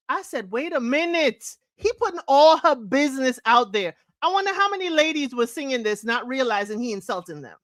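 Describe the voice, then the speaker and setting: Woman host, chatty and laughing, higher voice, dry close mic. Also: lively intonation, brisk, a bit bright, no room sound. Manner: chatty, laughing, half-sings song lines. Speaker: podcast host. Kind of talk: casual chat reviewing old chart songs.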